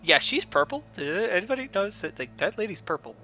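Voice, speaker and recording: A man's voice: high voice, big pitch swings, fast talker, pushed and bright, dull audio, faint music behind. A man running a tabletop game as game master, chatty and playful. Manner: playful, chatty, jokey asides.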